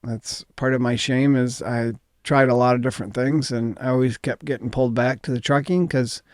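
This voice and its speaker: Middle-aged midwestern guy, smooth clear voice, humble and hesitant, lots of ums, dry mic. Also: mid-range voice, fairly even intonation, normal speed, no room sound. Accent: Midwestern American. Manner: modest, hesitant, many ums. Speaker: company founder, interview guest. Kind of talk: casual interview talk.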